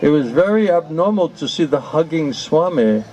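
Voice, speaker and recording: A man telling a humorous anecdote to listeners, with slow, drawn-out delivery, laughter and mock-pleading repetitions. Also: fairly high pitch, animated, mellow, low-quality recording. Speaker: storyteller to an audience.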